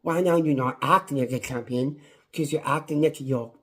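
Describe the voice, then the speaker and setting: A man's voice: on the high side, normal speed. A man reviewing a wrestling show on his own, in a passionate, repetitive rant. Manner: impassioned, ranting, repetitive. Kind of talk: casual solo review.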